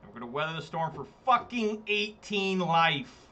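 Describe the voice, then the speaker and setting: A man's voice: on the high side, big pitch swings, normal speed, hardly any pauses, pushed and bright, dull audio. A man streaming a card game, giving casual, exasperated commentary, swearing and talking to his chat. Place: home room, hot day.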